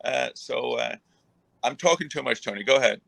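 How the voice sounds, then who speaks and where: A man's voice: medium pitch, moderate pace, gravelly, bright, forceful tone, no echo. A middle-aged man, a retired boxer, rambling through a casual interview with many restarts and fillers. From Ireland.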